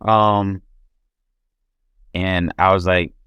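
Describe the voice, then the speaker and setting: A man's voice: low-pitched, flat delivery, drawn-out words, fairly bright tone, clear, resonant tone, no echo. A young man, a podcast guest, telling his own story in casual speech with frequent restarts and fillers.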